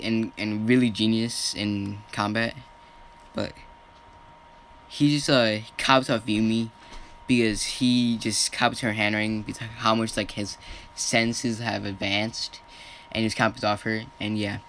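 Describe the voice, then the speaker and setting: A man's voice: lowish voice, little pitch movement, unhurried, a bit bright, slight background noise. A man casually retelling a fan story off the cuff, rambling and often correcting himself as he goes.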